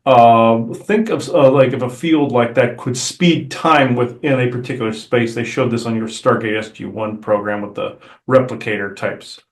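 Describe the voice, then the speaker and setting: A man channeling a calm male Sasquatch elder, speaking in a slow, deliberate, formal way. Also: mid-range voice, lightly acted. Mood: measured. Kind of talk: channeled spirit speech. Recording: roomy echo.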